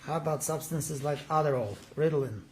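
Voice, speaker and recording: Man, slightly high voice, defense lawyer grilling a witness in court with pointed, leading questions. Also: fairly quick, a little mellow, a little hiss or hum. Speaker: defense attorney. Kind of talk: courtroom cross-examination.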